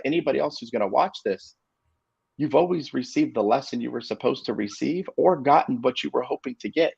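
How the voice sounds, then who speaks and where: Gravelly husky guy, 40s, telling his story all halting and earnest, lots of ums, kinda muffled audio. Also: medium pitch, darkish tone, no echo. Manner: earnest, halting storytelling with many fillers and restarts. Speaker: inspirational speaker. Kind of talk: storytelling on a video call show.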